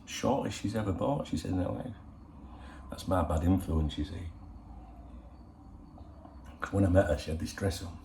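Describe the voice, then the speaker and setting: A middle-aged man with a low, gravelly voice chats casually to his viewers. He rambles on in a cheeky, profane way, as the regular host of his own channel. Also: lively intonation, moderate pace, pauses often, dark tone, slight background noise. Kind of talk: casual chat. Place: in Spain.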